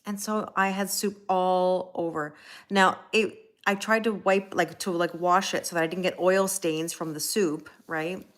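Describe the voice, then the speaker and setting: This schoolteacher, who also hosts livestreams and reads tarot, speaks in a lowish, steady, unhurried voice with a touch of brightness. On her casual stream she wanders through a story, chuckling at herself and calling out chat viewers by name.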